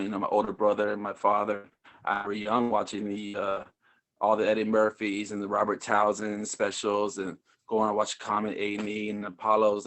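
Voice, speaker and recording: A man's voice: lowish voice, fairly bright tone. A man, a stand-up comedian, telling his story in a loose, rambling interview chat full of fillers. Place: Houston area.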